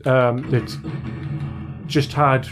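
A man's voice: mid-range voice, little pitch movement, extremely slow. Sweary British man riffing over game music. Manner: chatty, sweary, playful riffing. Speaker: podcast co-host. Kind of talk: casual gaming chat.

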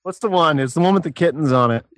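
A man's voice: a little high, quick pace. A man from Canada co-hosting a casual podcast, laid-back, laughing often and swearing. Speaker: podcast co-host.

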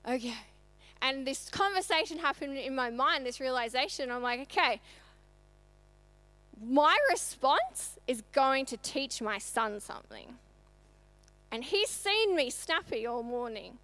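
A woman in her thirties speaks from the church stage, telling a personal story to the congregation. Her voice sits high and bright, and her delivery is chatty and animated. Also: measured pace. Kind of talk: sermon testimony.

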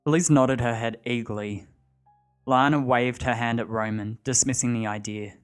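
A man reads a dark story aloud at a steady pace. His voice sits in a middle register, with quiet music running under the narration. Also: medium pitch, moderate pace, smooth.

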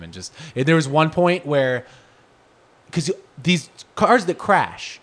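A man's voice: medium pitch, expressive, normal speed. A man co-hosting a podcast, rambling and joking crudely in casual banter. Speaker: podcast co-host.

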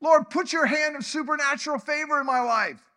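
A man acting out an earnest supplicant who calls out his requests to God one after another. The voice is high, bright and fervent. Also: a little fast. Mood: pleading.

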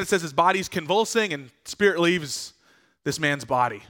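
Male pastor, conversational earnest sermon delivery, slightly raised pitch. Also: moderate pace, a bit bright. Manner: conversational, earnest preaching with rhetorical questions.

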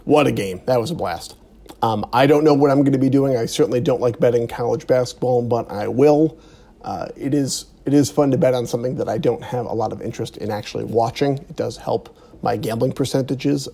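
A man giving his sports betting picks on a podcast, talking in a crude, deadpan way. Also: mid-range voice, gravelly. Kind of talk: casual sports betting banter.

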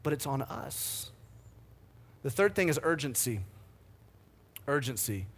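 A man in his thirties preaching a sermon, energetic and fired up, telling stories with big swings in his voice. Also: medium pitch, takes it slowly. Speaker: pastor.

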